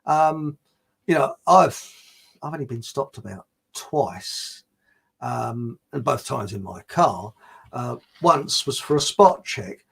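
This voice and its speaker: A man's voice: medium pitch, expressive, takes it slowly, creaky, a bit bright, slightly rough. A man hosting a livestream, chatting casually and rambling through anecdotes and viewer comments with plenty of fillers and restarts.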